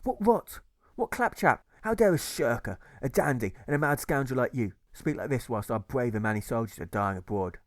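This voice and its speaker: A man's voice: mid-range voice, lively intonation, moderate pace, no echo, studio quality, natural voice. A man doing an outraged hunchback heckler. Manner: spluttering indignant insults.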